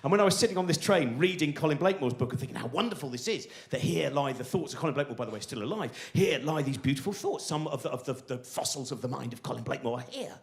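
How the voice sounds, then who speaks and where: A man performing live stand-up comedy on a theatre stage, rambling excitably and acting out the voices in his head, with an audience laughing. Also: medium pitch, fast talker, creaky, hardly any pauses. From England. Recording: roomy live theatre sound.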